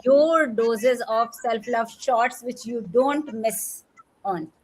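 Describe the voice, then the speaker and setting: A woman's voice: on the high side, takes it slowly. A woman hosting a podcast who asks questions in a hesitant way, with frequent fillers and restarts. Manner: hesitant, many fillers and restarts, laughs easily. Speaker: podcast host. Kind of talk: conversational interview.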